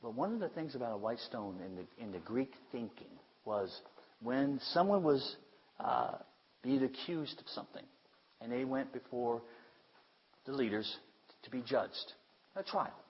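A man preaching a sermon with emphasis, repeating phrases and swinging between loud declarations and hushed asides. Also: medium pitch, lively intonation, unhurried, breathy edge, dull audio.

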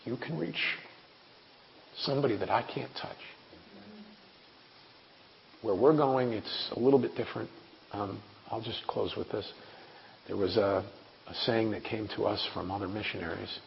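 Gravelly-voiced man preaching in an echoey hall. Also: on the low side, a little slow, pauses often. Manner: conversational, earnest preaching with wry asides. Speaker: preacher and missionary. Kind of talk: sermon. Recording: echoey hall, dull lo-fi sound, faint hiss.

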